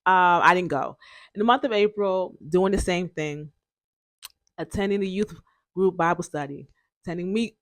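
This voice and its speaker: A woman's voice: fairly low pitch, no room sound, studio quality. A young woman hosting a podcast, telling her own story in a chatty way, full of fillers and self-corrections. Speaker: podcast host.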